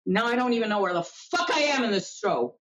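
Woman streamer, high voice, swoopy lively pitch, annoyed, sarcastic, swearing, at her desk in a small room. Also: a little fast, poor audio. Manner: irritated, sarcastic, swears a lot. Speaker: live streamer. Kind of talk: ranting live stream talk.

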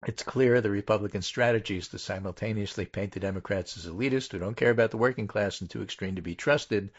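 A man's voice: lowish voice, lo-fi sound. A man hosting a casual political talk show, reading poll findings aloud and stressing each number in turn. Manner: methodical, pauses to stress numbers. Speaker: political podcast host.

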